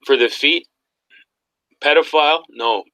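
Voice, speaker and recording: A man hosting a casual online talk show, animated and mocking, laughing often as he goes. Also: on the high side, measured pace, no echo, poor audio. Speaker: podcast host. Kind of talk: casual conspiracy talk chat.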